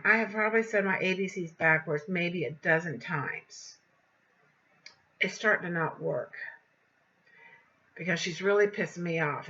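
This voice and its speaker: An older woman telling a story in a casual vlog, animated and indignant as she recounts events. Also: mid-range voice, muffled recording. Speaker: vlogger.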